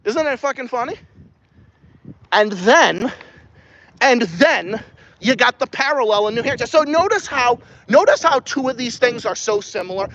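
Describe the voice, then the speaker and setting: A man's voice: very high-pitched, lively intonation, normal speed, a bit bright, highs cut off. A man from Massachusetts with a New England accent, hosting a podcast outdoors and ranting profanely while answering viewer questions. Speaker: podcast host.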